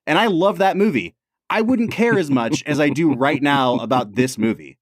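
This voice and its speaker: A man co-hosting a podcast in casual chat, earnest and excitable, filling his talk with "like". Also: on the high side, normal speed, no echo, studio quality. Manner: earnest, excitable, says "like" a lot. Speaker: podcast co-host.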